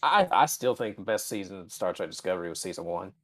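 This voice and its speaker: A man's voice: low-pitched, lively intonation, quick pace, fairly bright tone, no room sound. A middle-aged man co-hosting a live-stream podcast, talking bluntly and sarcastically with plenty of profanity. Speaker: podcast co-host. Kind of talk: casual live-stream chat.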